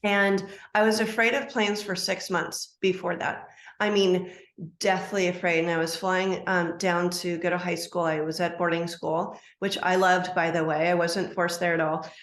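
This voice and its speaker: A middle-aged woman, a life coach, telling a personal story as a podcast guest, animated and acting out quoted dialogue. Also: lowish voice, moderate pace, hardly any pauses. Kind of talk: storytelling interview answer. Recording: roomy echo.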